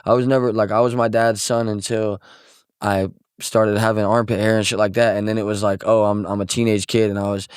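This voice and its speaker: A man's voice: lowish voice, little pitch movement, a little fast, clean tone, no echo, clean studio sound. A young man from Missouri, a musician guest telling stories in casual, profane, rambling talk full of filler words. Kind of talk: casual podcast storytelling.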